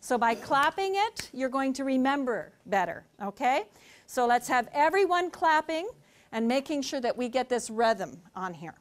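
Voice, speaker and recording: High-voiced woman leading a class. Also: moderate pace. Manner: energetic, coaxing, leads drills. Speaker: ESL lead teacher. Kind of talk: classroom teaching.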